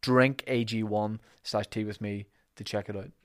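A man's voice: on the low side, fairly even intonation, normal speed. A man with a Northern Irish accent hosting a podcast, doing ad reads and joking with guests in a rambling, laughing way. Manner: jokey, rambling, laughs often. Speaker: podcast host. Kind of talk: casual podcast chat and ad reads.

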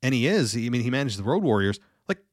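A man's voice: medium pitch, very animated, fast, no echo. Opinionated man rambling in a dry room. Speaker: wrestling show reviewer. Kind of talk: casual commentary.

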